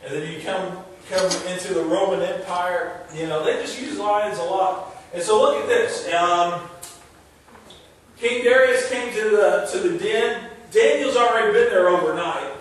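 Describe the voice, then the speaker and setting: A man preaches a sermon in a high voice, stacking emphatic refrains and tossing in casual asides. His voice reaches the microphone from a distance across a large church hall. Heavy echo fills the sound, and faint noise sits underneath. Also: a little slow. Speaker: pastor.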